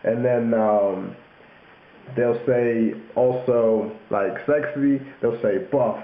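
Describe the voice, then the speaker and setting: A man's voice: medium pitch, steady tone, takes it slowly. A young man casually explaining slang on his video blog, joking and laughing as he goes. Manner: jokey, laughing, puts on mock London voices for examples. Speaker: YouTuber. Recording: echoey room, tinny lo-fi webcam audio.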